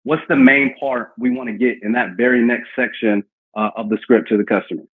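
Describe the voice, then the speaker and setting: A man's voice: mid-range voice, fairly even intonation, fairly quick, husky. A man running a live sales training session, coaching a team on cold-call lines and acting out example phone talk. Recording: tinny phone-like call audio.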